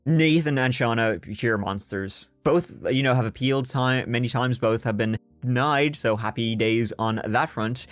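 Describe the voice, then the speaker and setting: A man recounts a crime case in a podcast, breaking into sarcastic, profane outbursts. His voice sits at a middle pitch. Soft music plays faintly under him. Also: a little slow, few pauses, dry recording. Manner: sarcastic, swearing, animated outbursts. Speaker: podcast host. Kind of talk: true crime storytelling.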